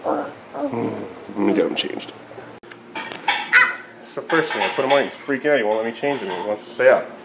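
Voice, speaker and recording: A young dad films his little boys at home and talks to them in a lively voice that swings up high whenever he plays. The handheld camera audio is full of background noise from the living room. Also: normal speed, vocal fry, long pauses. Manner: jumps to a high sing-song voice talking to his toddlers. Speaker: father filming his kids. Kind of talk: casual family vlog.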